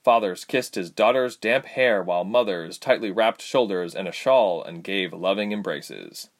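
A man's voice: fairly low pitch, normal speed. A man reading a fantasy story aloud as narrator.

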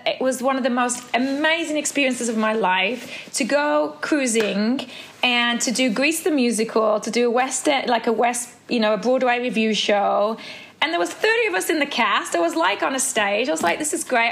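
A bright, fairly high-voiced woman from the Black Country, her English accent worn down by years abroad. She talks fast and chattily, often laughing at herself. Faint noise sits behind her voice. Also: creaky. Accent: English Black Country, softened by travel and time in America. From England, Black Country. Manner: chatty, quick, laughs often, self-deprecating. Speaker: guest, Pilates instructor and former dancer. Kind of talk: casual interview chat.

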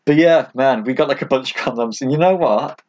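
A man's voice: medium pitch, brisk, darkish tone. A young man hosting a podcast, chatting casually and laughing often, with lots of "like" fillers. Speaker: podcast host. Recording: slightly dull sound with faint noise.

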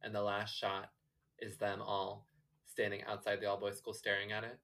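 A co-host in relaxed conversation who laughs often and keeps chiming in on the others. The talk stays loose and friendly. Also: low voice, moderate pace, low-quality recording. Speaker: podcast co-host. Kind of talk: casual chat.

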